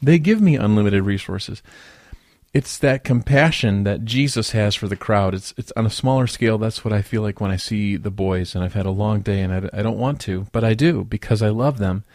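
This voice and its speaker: A man's voice: fairly low pitch, normal speed, a little mellow, no echo, studio quality. A man in his thirties preaching a conversational, reflective devotional as a pastor, with folksy asides. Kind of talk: relaxed devotional sermon.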